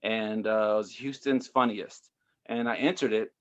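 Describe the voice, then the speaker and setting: A man's voice: fairly low pitch, fairly even intonation, moderate pace, a bit bright, muffled recording. A man, a stand-up comedian, telling his story in a loose, rambling interview chat full of fillers. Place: Houston area.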